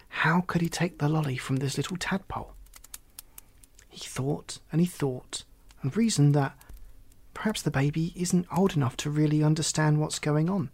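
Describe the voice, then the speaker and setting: A man reading a children's story aloud, gently and expressively, doing the characters' voices. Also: on the high side, slightly rough.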